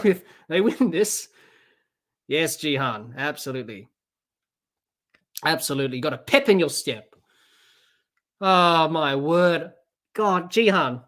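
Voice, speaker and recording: A woman hosting a live cricket watch-along podcast, excitable as she calls the play and answers viewer chat. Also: low voice. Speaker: podcast host.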